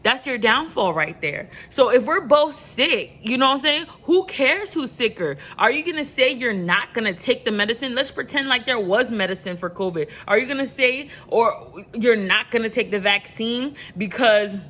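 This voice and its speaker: A woman from New York with a New York accent and a rough edge to her voice, talking emphatically to camera and repeating her points. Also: fairly high pitch, lively intonation, normal speed, hardly any pauses. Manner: emphatic, repetitive, rises loud when passionate. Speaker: vlogger giving life advice. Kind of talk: passionate motivational talk to camera.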